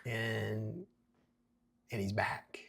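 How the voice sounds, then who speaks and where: Husky man chatting about a script. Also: lowish voice, flat delivery, extremely slow, fairly bright tone. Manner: chatty, rambling with fillers and restarts. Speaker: screenwriting podcast host. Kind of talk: casual screenplay breakdown.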